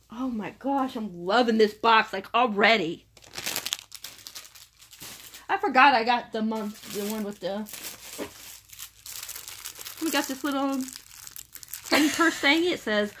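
A young woman unboxing a book subscription box in casual chat, gushing and excitable. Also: fairly high pitch. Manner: gushing, excitable, repeats "oh my gosh".

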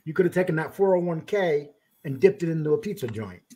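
A man hosting a live online chat, joking, laughing easily and telling rough stories. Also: fairly high pitch, animated, quick pace, mellow. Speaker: live stream host. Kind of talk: casual chat.

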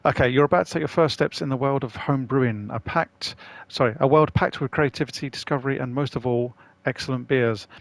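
A man's voice: medium pitch, brisk, few pauses, no echo. A man casually commenting on a video game he is playing for the first time, chatty and rambling. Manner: chatty, rambling, self-deprecating. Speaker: gaming channel host.

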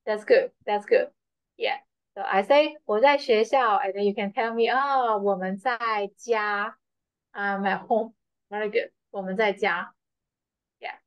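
In a slow, repetitive online Chinese lesson from a school, a woman speaks in a mid-range, steady voice, a little slowly. She patiently repeats phrases with many fillers, captured in a slightly dull, dry lo-fi recording with no room sound.

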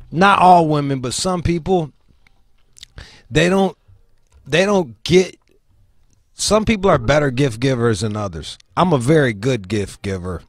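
A man hosting a casual talk show, telling stories in a profane, animated way. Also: mid-range voice, no echo, studio quality. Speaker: show host. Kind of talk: casual podcast chat.

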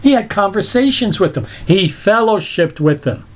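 A man's voice: high voice, lively intonation, moderate pace. An older man preaching a sermon, telling stories with laughs and emphatic repeats. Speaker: pastor.

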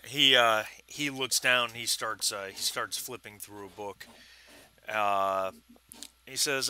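A man running a tabletop game as game master, narrating in a halting way with many fillers and restarts. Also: lowish voice, steady tone, pushed and bright, smooth. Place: home, at a computer.

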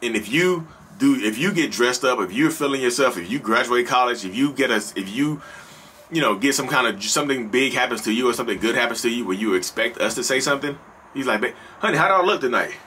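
A man with a Southern North Carolina accent gives a casual to-camera monologue as a vlogger discussing narcissism. His mid-range voice is fairly quick, pushed and bright, and he's earnest and conversational, repeating himself and addressing listeners directly. There's slight background noise.

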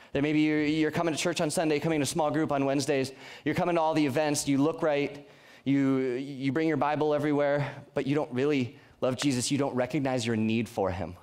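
A man's voice: fairly high pitch, a little fast, a little mellow. A young man preaching a youth sermon in an earnest, conversational way, often restarting his sentences. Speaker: youth pastor.

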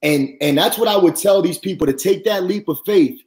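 A man guest on a podcast, earnestly telling a faith-centered personal testimony, animated and rising high when he quotes others. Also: brisk.

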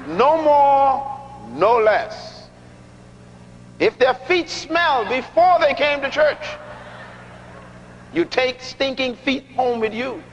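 Middle-aged male preacher, very high voice, emphatic and joking sermon, dull lo-fi sound with long reverb. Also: lively intonation, a little hiss or hum. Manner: emphatic, repeats key lines slowly for effect; humorous, teasing the audience. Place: large church hall.

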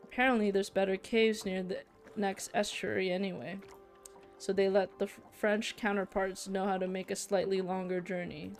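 A woman's voice: medium pitch, flat delivery, moderate pace, soft background music, close to an everyday voice. A woman reading a wary, guarded fisherman. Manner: guarded, brief answers.

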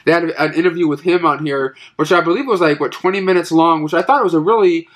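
A man's voice: on the high side, fast. A man with a stuffy, nasal voice from allergies, casually reviewing his movie collection with lots of fillers and restarts. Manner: rambling with many fillers and restarts.

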